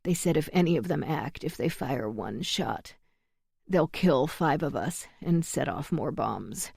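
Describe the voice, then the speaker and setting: A woman's voice: deep voice, expressive, gravelly, darkish tone, slightly rough, dry recording, clean studio sound, full character voice. A woman voicing a panicked male hostage. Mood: urgent, strained. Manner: urgent, halting.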